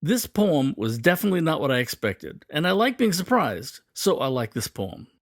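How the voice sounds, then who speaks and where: A man with a fairly high voice gives a poetry lesson, and his pitch swings widely as he explains. He slows down to read quoted lines with drama. The recording is dry and close. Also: no room sound. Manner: lively, reads quoted lines slowly and dramatically. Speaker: poetry teacher. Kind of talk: explanatory lesson with poem readings.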